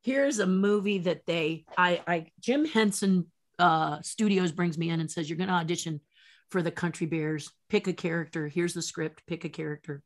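A woman puppeteer being interviewed, telling a story in a lively way and acting out the voices of people she quotes. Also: on the low side, moderate pace. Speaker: puppeteer guest. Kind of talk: anecdotal storytelling.

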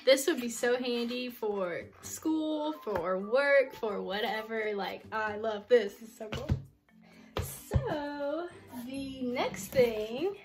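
An excitable woman with a high, bright-sounding voice chats her way through an unboxing. She gushes and exclaims over every item, with soft music playing faintly behind her. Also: slow pace. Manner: excitable and gushing, repeating exclamations. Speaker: unboxing vlogger. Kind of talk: casual unboxing vlog.

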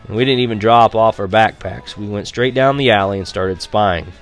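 Man narrating a story, lower voice. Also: normal speed, soft background music. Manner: lively storytelling, voicing characters with quieter, higher dialogue. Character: boy narrator recalling spying on a neighbor. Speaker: audiobook narrator. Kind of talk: first-person audiobook narration.

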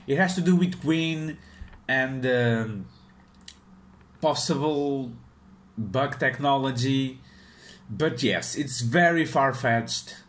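A man giving an unscripted review of a manga chapter in a relaxed, unhurried way. He speaks at a slow pace in a middle-pitched voice. He often hesitates, fills gaps with "um" and restarts his sentences.

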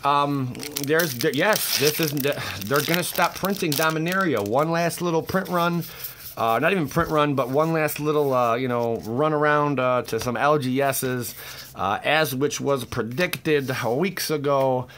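A young man hosting a casual card pack-opening vlog, hyper and excitable with crude exclamations. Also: fairly high pitch, a little slow, slight background noise. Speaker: card-opening YouTube host.

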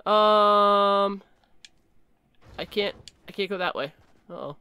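A woman giving chatty, excitable commentary while playing a horror game and reading its text aloud. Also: medium pitch, takes it slowly, smooth, no echo. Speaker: gaming video creator.

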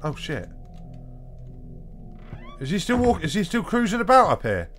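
A man with a high-sitting voice and huge pitch swings talks at a normal speed, giving panicky, profane commentary as he plays a horror game. This gaming video host is jumpy, swears a lot, and keeps shouting and gasping in panic. Faint game music plays behind him.

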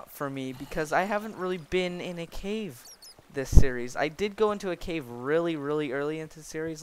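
Young guy doing let's play commentary, kinda high voice, excitable and rambly, faint hiss behind. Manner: excitable, talks to mobs jokingly, rambling. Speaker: gaming video creator.

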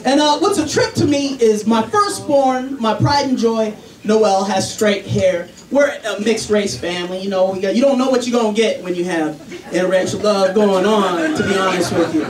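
A man's voice: high voice, moderate pace. A man doing a chatty stand-up comedy set about parenting, acting out voices. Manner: animated, chatty, acts out voices. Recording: roomy club, distant mic, crowd noise.

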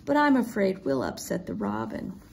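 A woman voicing a cheerful, gentle little girl doll who speaks sweetly and softly, read from a storybook. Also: fairly low pitch, wildly swooping pitch, moderate pace, vocal fry, slight background noise, exaggerated voice.

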